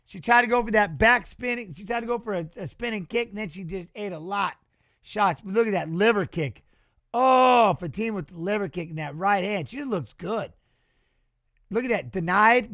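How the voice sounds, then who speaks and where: A man with a notably high, bright voice hosts a live watch-along stream. He talks in an excitable, slangy, joking way and reacts to the action and to chat. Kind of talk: casual live-stream fight commentary.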